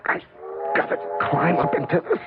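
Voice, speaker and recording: An actor playing a meek, confused drunk hobo in a 1970s radio drama, stammering and repeating words. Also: male voice, a little high, huge pitch swings, moderate pace, creaky, full character voice. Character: bewildered drunk hobo man, meek and rambling. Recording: phone-like old radio recording with music.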